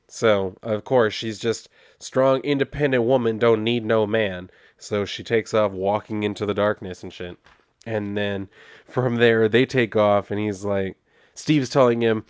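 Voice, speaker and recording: A man's voice: fairly low pitch, normal speed, no echo, clean studio sound. A man reviewing a comic book, recapping the plot in a loose, sarcastic and profane way and quoting the characters in a raised voice. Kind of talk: casual recap with commentary.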